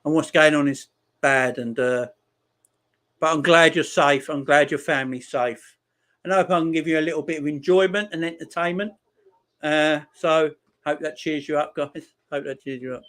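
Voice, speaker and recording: A man hosting a live football watchalong, chatting casually, reading out viewer messages and repeating his shout-outs. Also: on the high side, fairly even intonation, normal speed. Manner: rambling, repeats phrases. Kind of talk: casual live-stream chat.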